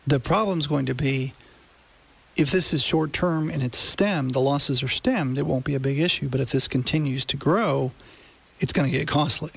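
A man's voice: medium pitch, moderate pace, creaky, husky. A man hosting a radio finance show, explaining things in a conversational way and checking that listeners follow. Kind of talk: casual radio talk.

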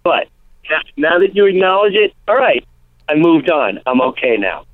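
Animated man on a tinny phone line. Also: on the high side, normal speed, no room sound. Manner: animated storytelling, acts out quotes. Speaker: comedian guest. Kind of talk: casual radio interview.

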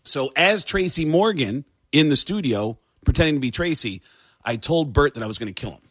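A man's voice: a little high, a little fast, slightly rough, no room sound. A male comedian telling stories in casual radio chat, acting out other people's voices as he goes. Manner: animated storyteller, acts out voices. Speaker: comedian guest.

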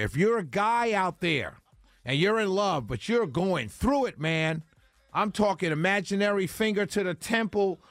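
A man's voice: a little high, fairly bright tone, dry recording. A man hosting a talk radio show, talking in an emphatic, rambling way straight to his listeners on a studio mic. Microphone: studio broadcast mic.

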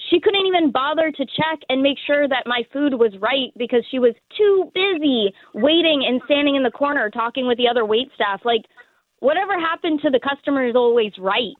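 A woman's voice: high voice, expressive, brisk, no room sound. A woman calling in to a radio chat, ranting indignantly and saying "like" often. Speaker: caller. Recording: tinny phone line.

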